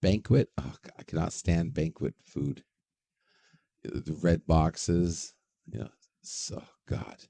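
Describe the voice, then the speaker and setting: A man's voice: very deep voice, level tone, slow pace, pauses often, mellow, dry recording. A man hosting a casual livestream, rambling, swearing freely and greeting chat viewers by name. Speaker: livestream host.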